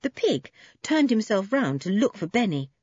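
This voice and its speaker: Female storybook narrator, animated and slightly husky, dry lo-fi home recording. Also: normal speed, dry recording. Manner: lively, voices the children in higher pitch. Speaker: audiobook narrator. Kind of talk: storybook reading aloud with character voices.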